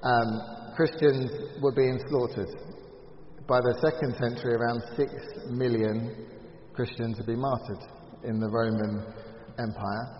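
A man's voice: mid-range voice, steady tone, measured pace, a little hiss or hum. A man teaching a Bible study class in an earnest, emphatic way, with frequent ums and restarts. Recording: echoey hall, slightly dull sound.

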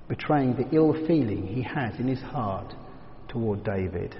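A man with a medium-pitched voice teaches through a Bible passage verse by verse at a normal speed. He is reflective and explanatory, often dropping to a hushed tone for emphasis. The recording has a dull, reverberant hall sound.

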